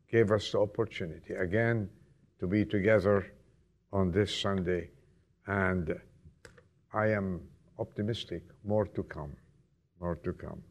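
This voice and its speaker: Preacher, male, reflective storytelling delivery, deliberate tempo, rough fry in the voice. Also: fairly low pitch. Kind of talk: sermon. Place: church.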